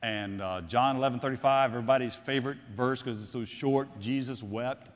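A man preaching a sermon, swinging between loud declarations and hushed, drawn-out phrases and repeating his lines for effect. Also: mid-range voice. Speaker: pastor. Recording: long hall reverb.

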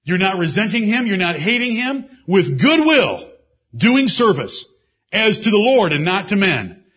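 A man preaching a sermon with emphasis. He repeats key phrases and drops into low asides. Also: very animated, moderate pace, husky. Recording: dull lo-fi sermon recording.

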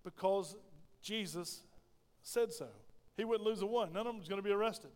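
A man's voice: high voice, normal speed, clear, resonant tone. A middle-aged man preaching a sermon as pastor, asking the congregation questions and calling for responses. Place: church sanctuary. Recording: long hall reverb.

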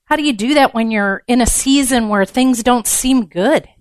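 A woman's voice: on the high side, normal speed, no echo. A woman giving a conversational sermon to a women's gathering, frank and down-to-earth with blunt humor.

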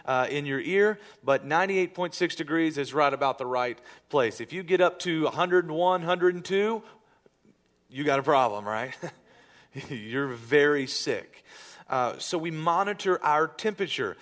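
Male pastor, sermon delivery, higher-pitched voice, relaxed and joking with the congregation. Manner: conversational preaching with jokes and acted-out asides. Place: church sanctuary with congregation.

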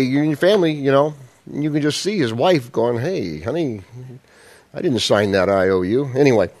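A man's voice: on the high side, a little mellow. A man preaching a sermon in a conversational style, asking the congregation rhetorical questions. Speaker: pastor.

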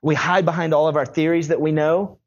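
A young male pastor preaching a sermon in a conversational, animated storytelling way. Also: on the high side, fairly quick, lo-fi sound.

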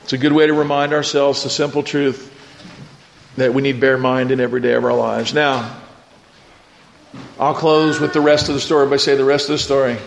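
A man preaching a lively storytelling sermon and calling on his congregation to answer back. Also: medium pitch, a little fast, creaky, pauses often. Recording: echoey room with faint noise.

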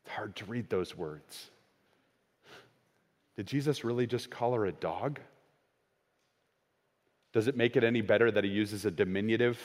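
A man preaching a sermon, swinging between raised, quoted lines and hushed, slowed emphasis. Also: on the low side. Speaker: pastor. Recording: long hall reverb.

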